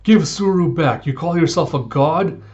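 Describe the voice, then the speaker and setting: A man's voice: mid-range voice, normal speed, natural voice. A man gives voice to a reckless young swordsman who throws himself into danger. He speaks in hot-headed, defiant bursts. The recording is dull and lo-fi.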